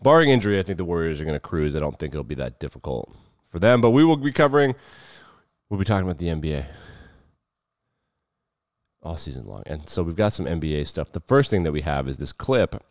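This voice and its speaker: Low-voiced guy doing sports talk, dry dull lo-fi sound, kinda sardonic. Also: very animated, quick pace, dry recording. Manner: off-the-cuff, wry and sardonic. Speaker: sports show host. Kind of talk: casual sports commentary.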